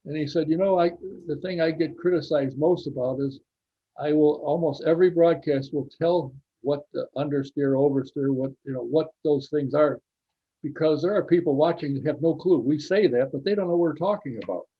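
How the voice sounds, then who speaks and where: Male talk show host, breathy and a little muffled, interviewing a guest over a video call. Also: a little high, fairly quick. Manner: admiring, rambling with restarts.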